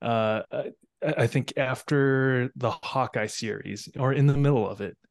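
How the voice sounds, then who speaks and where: A man speaking as a guest on a casual podcast, explaining his view in a measured, wry way. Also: medium pitch, gravelly.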